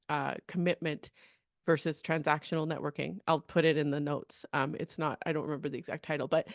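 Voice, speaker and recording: A woman career coach talking in a podcast monologue, energetic and chatty, often asking "okay?" and "right?". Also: fairly low pitch, no room sound, clean studio sound. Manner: energetic, chatty, acts out quoted people, frequent "okay?" and "right?".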